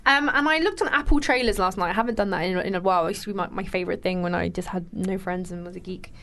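A woman's voice: fairly low pitch, fast, a bit bright, a little hiss or hum. A woman co-hosting a casual chat show, talking in a rambling way with lots of fillers. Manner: chatty, rambling, many fillers. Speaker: podcast co-host.

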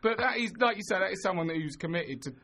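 Bright-voiced London man, jokey chat. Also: high voice, animated, fast. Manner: jokey, puts on voices for bits. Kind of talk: casual chat.

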